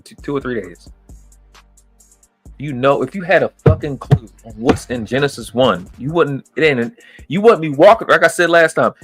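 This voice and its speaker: A livestream host with a mid-range, breathy male voice delivers an angry ranting monologue, mocking his critics with heavy profanity.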